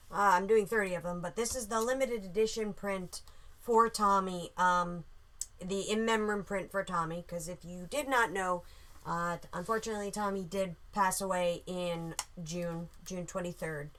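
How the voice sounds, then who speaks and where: A woman's voice: medium pitch, a bit bright. Chatty woman hosting an art stream. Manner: chatty, scattered, thinking aloud with many fillers. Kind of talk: casual chat while drawing.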